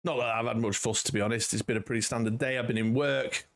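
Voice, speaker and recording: A man's voice: mid-range voice, fairly even intonation, quick pace, a bit bright. A man in his forties hosting a casual livestream from home, chatting with viewers in a rambling, friendly way. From United Kingdom. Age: 40s. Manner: rambling and friendly, many "you know"s. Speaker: livestream host.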